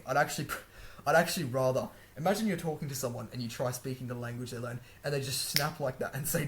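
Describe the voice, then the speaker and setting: A man's voice: medium pitch, slight background noise. A young man hosting a language-learning video, talking casually to camera, chatty, laughing often and correcting himself as he goes.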